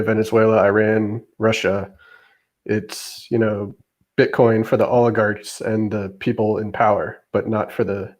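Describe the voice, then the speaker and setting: A man on a discussion panel, talking casually and haltingly with many fillers. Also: on the low side, a little mellow. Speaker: panel guest.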